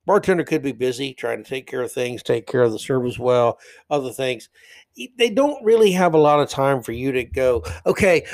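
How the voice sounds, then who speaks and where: A man's voice: mid-range voice, no echo. A man hosting a podcast, talking in a brash, mocking, swaggering way about his bartending work. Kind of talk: opinionated podcast monologue.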